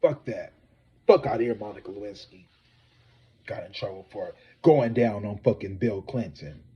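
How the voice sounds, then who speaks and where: Profane, animated male gossip streamer. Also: on the low side, moderate pace, lo-fi sound. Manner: profane, animated, talks straight to viewers. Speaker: psychic tarot reader and gossip host. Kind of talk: casual celebrity gossip livestream.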